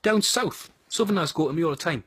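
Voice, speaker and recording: A man's voice: fairly high pitch, animated, brisk, a bit bright, breathy edge, dry recording. A man with a Geordie accent giving a crude, blunt and sardonic comic monologue about his home city. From North East England.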